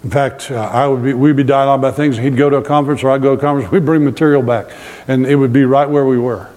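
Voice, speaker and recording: A man's voice: medium pitch, steady tone, fast talker, darkish tone. Man preaching in a reverberant hall. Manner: humorous storytelling with audience questions. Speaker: pastor. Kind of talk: sermon. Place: church hall with live congregation.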